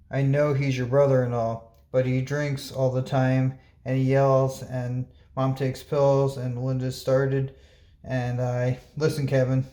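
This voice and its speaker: A man reading a comic book aloud, giving the lines of every character in a plain, unhurried voice. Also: medium pitch, warm tone, reverberant. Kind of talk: reading a comic aloud, voicing all parts.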